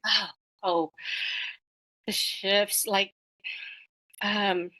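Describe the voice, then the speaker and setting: A woman's voice: mid-range voice, flat delivery, very slow, pushed and bright, poor audio. A middle-aged woman talking as an interview guest, reflecting casually with many fillers and restarts.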